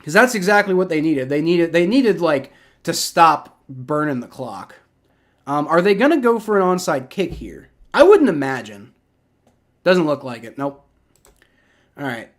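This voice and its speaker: A man from Ohio with a Southern accent, giving excitable, rambling live play-by-play reaction commentary on a football game and swearing when frustrated. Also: fairly high pitch, normal speed. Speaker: livestream sports reaction host.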